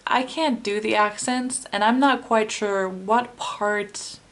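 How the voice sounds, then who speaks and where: Slow, giggly Finnish woman. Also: mid-range voice, fairly even intonation, fairly bright tone. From Finland. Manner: rambling and giggly, often laughing. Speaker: tarot reader. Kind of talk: casual chat.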